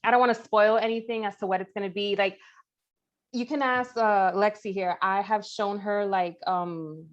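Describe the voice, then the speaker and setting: A woman's voice: mid-range voice, fairly even intonation, normal speed. Eager woman author guest, casual chat, muffled lo-fi audio. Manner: chatty, eager, repeats herself. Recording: dull, lo-fi sound.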